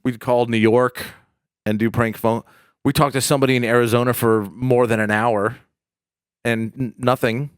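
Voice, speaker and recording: A man hosts a casual podcast, swearing freely and joking as he rambles through stories. His pitch sits in the middle range, and the sound is dry and close. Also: flat delivery, moderate pace, clean tone, no echo. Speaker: podcast host. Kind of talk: casual chat.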